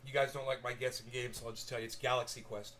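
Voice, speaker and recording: A man chatting casually to viewers at home, rambling and swearing, jumping from loud bursts to mumbling. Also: mid-range voice, level tone, quick pace, slight background noise. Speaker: cannabis vlogger. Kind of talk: casual stoned chat to viewers.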